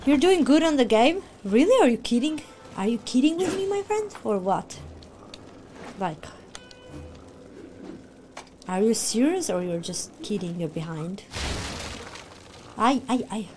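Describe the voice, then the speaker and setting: A woman streamer giving excitable live reaction commentary on a video game, shrieking, gasping and talking to the characters on screen. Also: on the high side, unhurried, long pauses, faint music behind. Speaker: gaming streamer.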